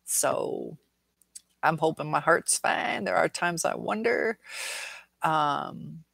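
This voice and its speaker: A woman's voice: low-pitched, lively intonation, slow, gravelly, a bit bright, breathy edge, no room sound, rough recording. A middle-aged woman hosting a casual viewer Q&A livestream, earnest and rambling, reading comments aloud.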